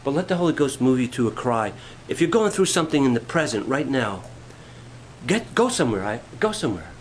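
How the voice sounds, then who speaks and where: A man preaching a sermon, shifting from quiet storytelling to rising, fervent preaching. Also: medium pitch, sing-song, fairly quick, slight background noise, rough recording. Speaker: pastor.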